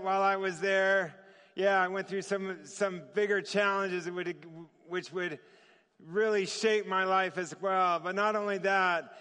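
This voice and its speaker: A man preaching a sermon as a story, lively and chuckling often, acting out the voices in his story. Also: high voice, smooth, big-room sound. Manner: lively, chuckles often, acts out quoted dialogue.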